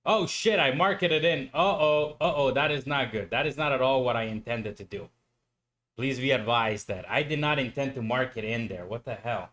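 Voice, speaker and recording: Narrating his live futures trades for viewers, a man mutters to himself, curses, begs the market and gets fed up with his own errors. He speaks at a normal speed in a mid-range, slightly bright voice.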